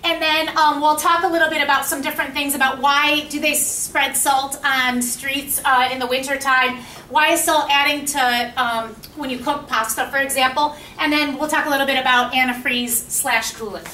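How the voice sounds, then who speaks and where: A high-pitched, bright woman lectures a chemistry class, quizzing students and echoing back their replies. Her voice rings around an echoey classroom, picked up from a little way off, with a faint hum of room noise underneath. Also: steady tone, moderate pace. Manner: asks the class questions and repeats their answers. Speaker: high school chemistry teacher. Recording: echoey classroom, mic at a distance.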